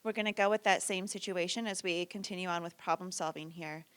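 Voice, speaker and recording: A woman's voice: on the low side, fairly even intonation, a little fast, a bit bright, clean tone, no room sound. Conversational woman giving a parenting workshop. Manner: conversational, frequent "right?" tag questions; acts out quoted parent and child lines. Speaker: workshop presenter.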